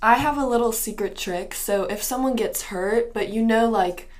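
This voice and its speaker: A woman's voice: a little high, normal speed. A woman co-hosting a casual interview, friendly and chatty. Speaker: podcast co-host.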